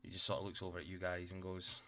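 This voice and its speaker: A man's voice: sits low, monotone, quick pace, pushed and bright. A man narrating a tabletop game as game master, in a loose, rambling way.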